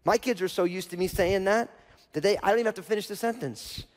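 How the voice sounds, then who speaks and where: A man's voice: high voice, quick pace. A male pastor preaching a sermon in a casual, conversational way, often checking in with the audience by asking "right?". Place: church auditorium. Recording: long reverb of a church hall.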